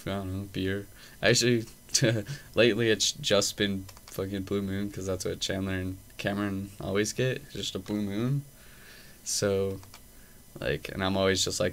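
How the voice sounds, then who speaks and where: A man's voice: sits low, level tone, a little slow, fairly bright tone. A young man hosting a podcast, telling a loose, profane story full of fillers in casual chat. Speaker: podcast host. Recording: faint background noise.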